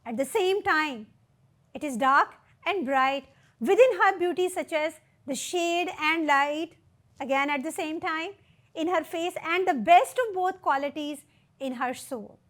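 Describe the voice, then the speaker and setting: Woman lecturer, high voice, slow and measured, reads poetry aloud line by line and explains terms. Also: fairly bright tone. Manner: slow, deliberate reading of poetry with emphasis; explains terms and asks rhetorical questions. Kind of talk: literature lecture.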